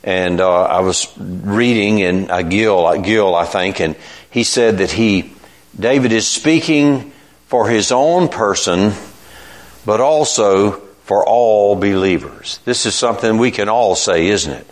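Older man, preacher, low voice, very slow, reflective, halting restarts. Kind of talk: informal sermon.

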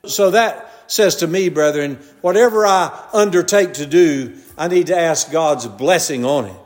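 Older male preacher, Southern drawl, fairly high voice, homely down-to-earth delivery with a long church echo. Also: unhurried. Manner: homely storytelling, repeatedly addressing "brethren". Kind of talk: folksy conversational sermon. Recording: long reverb of a large hall.

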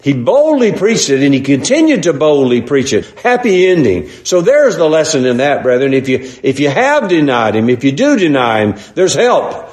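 A man's voice: a little high, sing-song, normal speed, few pauses, darkish tone, reverberant. A man preaching a sermon, earnest and repetitive, often calling his listeners brethren. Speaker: pastor.

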